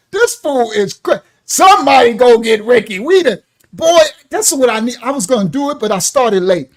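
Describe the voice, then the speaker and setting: A man hosting a livestream, reacting to clips loudly and laughing often into his own microphone. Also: very high voice, moderate pace. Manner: animated, loud, laughs often. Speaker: livestream host. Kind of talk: live reaction commentary.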